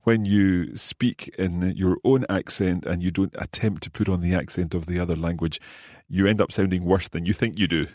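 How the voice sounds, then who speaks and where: A man hosting a language lesson podcast as the learner, asking curious questions and slowly repeating new phrases. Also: deep voice, fairly even intonation, a little mellow, dry recording, clean studio sound. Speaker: host and learner.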